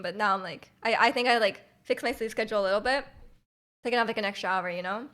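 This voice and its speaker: Chatty young woman, high voice. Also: quick pace, fairly bright tone. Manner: chatty, rambling, many fillers and giggles. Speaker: livestreamer. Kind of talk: casual chat with viewers.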